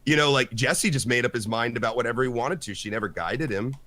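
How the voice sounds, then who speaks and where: A man co-hosting a casual podcast chat, animated and acting out quotes in his story. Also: mid-range voice, fast talker. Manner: animated, acts out quotes with lively swings. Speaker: podcast co-host.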